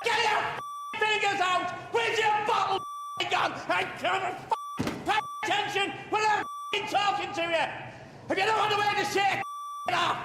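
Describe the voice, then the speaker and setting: A man's voice: extremely high pitch, steady tone, moderate pace, vocal fry, roomy sound, shouting, very noisy, pitched above the performer's own voice. A man putting on the voice of a furious male football manager who rants and bellows at his players. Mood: furious ranting. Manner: shrieking, ranting.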